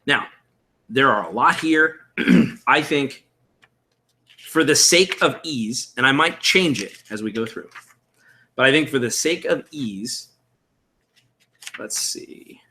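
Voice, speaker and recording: Slow and animated, with long pauses, a man's mid-range voice sounds pushed and bright, with slight background noise. He's a streamer building a game character, casually rambling through character creation as he thinks aloud and answers chat. The setting is a room at home with window blinds.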